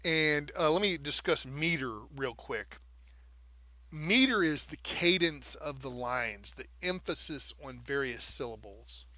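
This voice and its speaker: A man's voice: fairly high pitch, expressive, measured pace, pushed and bright, no echo. A man co-hosting a live stream, explaining things step by step in casual talk and checking in with the listener as he goes. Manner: taps out rhythms with "da, da".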